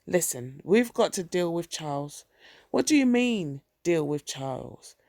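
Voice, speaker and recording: A woman's voice: medium pitch, expressive, moderate pace, creaky, darkish tone, no room sound. A woman voicing a blunt, firm bank officer. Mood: determined.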